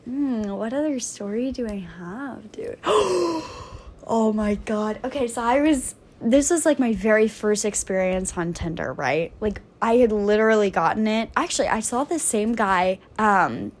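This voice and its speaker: A young woman with a fairly high voice is a guest on a casual podcast. She tells her stories in an animated way, laughs often, and fills her speech with "like" and "dude.". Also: measured pace. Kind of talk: casual storytelling.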